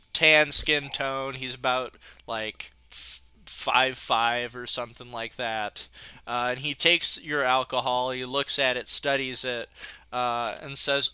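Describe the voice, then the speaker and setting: A man's voice: medium pitch, bright, forceful tone, clean tone, dry recording. A young man narrating a tabletop game as game master, with loose, filler-heavy narration.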